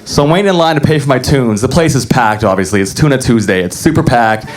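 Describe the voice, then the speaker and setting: A young man doing a deadpan, self-deprecating stand-up comedy set on a club stage. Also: mid-range voice, fast.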